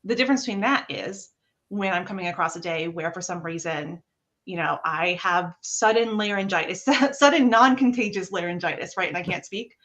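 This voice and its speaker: A woman talking casually as a guest improviser, animated and acting out her own thoughts in a higher voice. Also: moderate pace. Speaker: guest improviser and behavior analyst. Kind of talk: casual chat.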